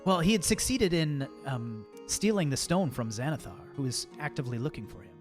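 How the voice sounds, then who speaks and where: A man plays a young halfling dung sweeper who stammers, jokes and loses his focus. The voice sits high and jumps around, and soft music plays behind it. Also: a little fast, lightly acted. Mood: confiding. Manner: stammering, excitable, flustered.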